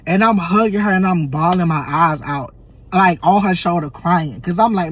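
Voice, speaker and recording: A man's voice: high-pitched, moderate pace, slightly rough. A young man telling an emotional personal story in a vlog, acting out the lines he and his family said. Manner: animated, emotional storytelling with reenacted quotes. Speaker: vlogger.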